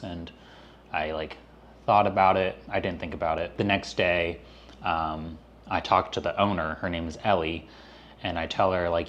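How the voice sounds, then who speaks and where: A man with a very low voice chats casually in a mukbang-style vlog. He talks hesitantly, filling gaps with "um" and "like." A faint noise sits behind him. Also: fairly even intonation, moderate pace, a bit bright, highs cut off. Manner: hesitant, full of um and like. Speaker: vlogger.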